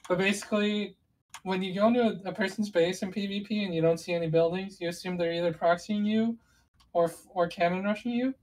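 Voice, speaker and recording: A woman's voice: mid-range voice, fairly even intonation, a little fast, a little mellow, rough recording. A woman co-hosting a gaming podcast, explaining strategy in long, rambling runs with many restarts. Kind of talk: casual gaming chat.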